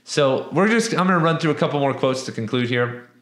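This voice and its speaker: Young guy, casual reviewer, swears a lot, restless rambling delivery, mid-pitched voice, roomy echo. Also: brisk. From US West Coast. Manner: animated, profane, rambling with restarts. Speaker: book reviewer. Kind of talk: casual book review and storytelling. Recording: echoey room.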